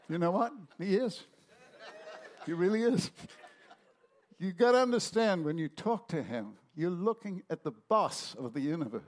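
A man's voice: sits high, lively intonation, moderate pace, slight background noise. A man preaching a sermon, telling stories animatedly and acting out the voices in them.

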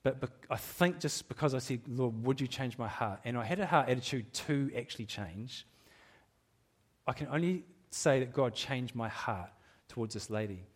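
A middle-aged man preaching to his congregation in a church hall. His pitch sits at an ordinary middle level, and he talks in a candid, self-deprecating way. He chuckles at his own admissions and stumbles through restarts as he goes. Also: animated, normal speed, breathy edge. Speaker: pastor. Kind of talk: sermon.

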